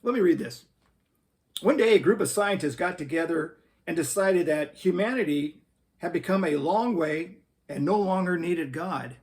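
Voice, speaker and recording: A man's voice: a little high, moderate pace, a little mellow. A man hosting a Christian commentary video, earnest and preacherly, reading scripture aloud. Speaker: host.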